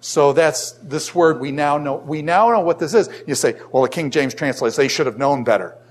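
A man's voice: a little high, moderate pace. Older man lecturing to a class. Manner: conversational, asks the class many questions. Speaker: teacher.

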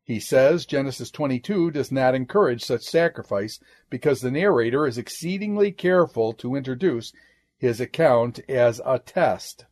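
Animated and a little mellow, a man speaking at a normal speed teaches a Bible study lecture in a methodical way. He brackets citations with "quote" and "end quote," lowering his pitch and volume at each close.

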